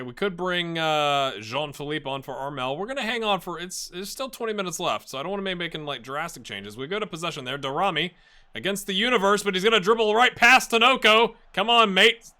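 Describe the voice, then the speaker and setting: Brisk and on the high side, a man's voice leads commentary over a football management game let's-play. He gets excited and banters with his virtual players.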